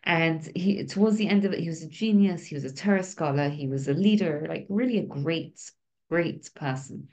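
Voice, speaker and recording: A woman's voice: low-pitched, normal speed, darkish tone. A woman teaching a Torah class in an informal, conversational way, often checking in with the listeners. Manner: conversational, keeps asking "right?".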